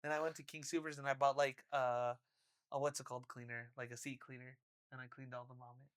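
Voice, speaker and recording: Animated, swearing young podcast storyteller. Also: medium pitch, fast. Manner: animated, swears a lot, acts out quotes loudly. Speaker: podcast co-host. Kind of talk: casual storytelling chat.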